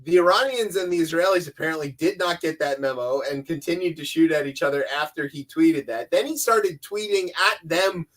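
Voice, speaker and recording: A man's voice: on the high side, a little fast, hardly any pauses, a bit bright. A man co-hosting a comedy news podcast, talking in a sarcastic, rambling way. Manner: sarcastic, rambling, does mocking voices. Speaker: podcast co-host.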